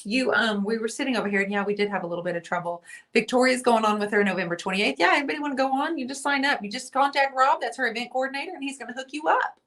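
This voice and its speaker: Bright-voiced woman hosting a live chat, teasing, reading comments, kinda high. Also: racing. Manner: chatty, teasing, reads viewer comments aloud. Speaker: livestream host. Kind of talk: casual livestream chat.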